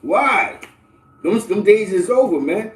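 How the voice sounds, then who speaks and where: Animated New man, roomy and distant. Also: high-pitched, takes it slowly. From the Bronx, New York. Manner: animated, preachy street slang, keeps asking "you know what I'm saying". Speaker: livestream host. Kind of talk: casual livestream talk to viewers.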